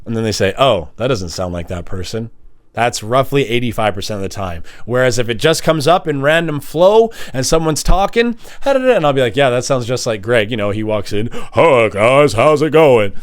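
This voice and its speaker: A man speaks at a microphone in a loose confessional monologue. His pitch rises and falls widely as he jumps into high mock voices, then drops to low, quiet asides. The delivery stays restless and playful. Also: brisk. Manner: animated, swings between high mock voices and low mutters. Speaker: vlogger and musician. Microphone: standing at a microphone.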